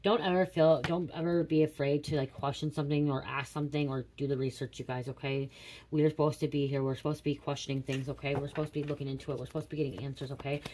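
A woman's voice: low voice, fairly even intonation, quick pace, dark tone, slight background noise. A woman in her late thirties doing a casual psychic reading, rambling and confiding with casual swearing. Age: 30s. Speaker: tarot reader.

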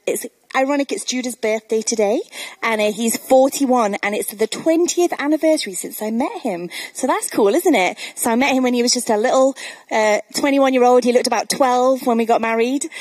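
Woman preacher, thirties, chatty storytelling sermon, fairly high voice, dry close sound. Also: no echo. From English Midlands. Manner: warm, chatty storyteller with asides. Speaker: guest preacher. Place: church.

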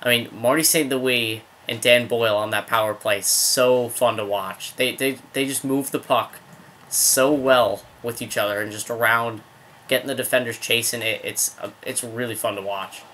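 Excitable young man commentating his hockey game. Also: mid-range voice, normal speed, slight background noise. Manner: rambling, excited outbursts at plays. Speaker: gaming video host.

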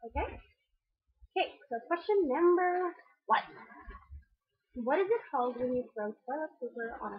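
A woman's voice: high-pitched, slightly rough. A woman vlogger chatting casually to her viewers, reading out a word list and giggling between answers. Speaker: vlogger hosting her channel. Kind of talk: casual chat to camera. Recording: tinny phone-like lo-fi sound.

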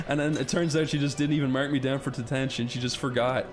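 A young man chatting casually over a video game, telling stories and jumping into shouted voices when quoting people. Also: medium pitch, flat delivery, fast talker, few pauses. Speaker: let's play commentator. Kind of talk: casual gaming chat with storytelling. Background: game music.

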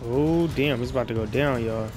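A man giving casual, slangy commentary while playing a horror game in a dark room at night, yelping when startled. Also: mid-range voice, normal speed, music in the background. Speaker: gaming streamer. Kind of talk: casual let's-play commentary.

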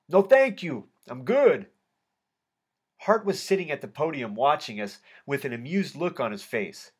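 A man narrating an audiobook in a steady first-person storytelling manner. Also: medium pitch, husky. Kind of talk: audiobook reading of a prison memoir.

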